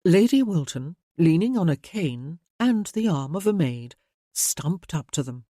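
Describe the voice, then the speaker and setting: A woman narrating a romance audiobook in a calm, measured way. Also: on the low side, no room sound, studio quality.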